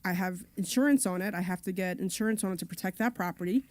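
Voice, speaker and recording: A woman's voice: mid-range voice, quick pace, a little mellow, dry recording. A woman co-hosting a radio talk show, telling long, chatty stories about her property deals. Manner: chatty, long-winded storytelling. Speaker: co-host.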